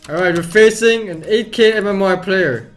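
Male game streamer, slightly high voice, crude boastful banter, profane. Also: moderate pace, fairly bright tone, soft background music. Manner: crude, boastful joking with lots of swearing. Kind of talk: casual gaming chat.

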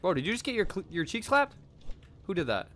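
A young man giving casual gameplay commentary, excitable and swearing a lot as he shouts at the game. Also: high voice, brisk. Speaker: gaming video creator.

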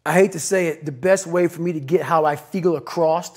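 High-pitched, blunt, profane man. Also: fairly quick, darkish tone, slightly rough. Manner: repeats short punchy commands. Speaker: podcast guest. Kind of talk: motivational interview talk.

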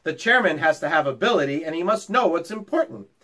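A man reading aloud and voicing a tiny, self-assured mouse who teaches a class, in a crisp, bossy, matter-of-fact way. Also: on the high side, animated, fast, pushed and bright. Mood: lecturing.

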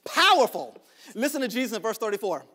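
A male pastor preaching a sermon to a congregation, calling for responses, laughing between lines and rising to shouts in a church sanctuary. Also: sits high, sing-song, fast, breathy edge.

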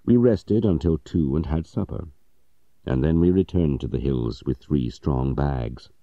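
A man with an extremely deep voice narrates a story in steady, measured tones, the timbre very dark and mellow. The recording is dry and close, with a dull, lo-fi edge. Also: no room sound. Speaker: audiobook narrator.

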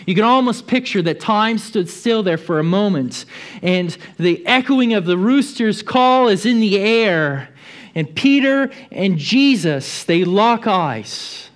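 A man's voice: high-pitched, a little slow. A man preaching a sermon in a church, telling the story vividly and often repeating words as he goes.

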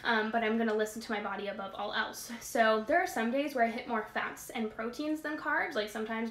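A woman's voice: fairly high pitch, moderate pace, bright, forceful tone, roomy sound. A young woman wellness coach answering viewer questions in a casual live Q&A, chatty and emphatic with many fillers.

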